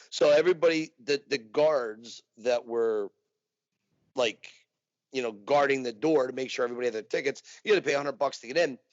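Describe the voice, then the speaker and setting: A man being interviewed, telling an animated anecdote in casual conversation. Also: mid-range voice, brisk, no echo. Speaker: interview guest, impersonator. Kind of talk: casual storytelling. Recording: dull dry recording.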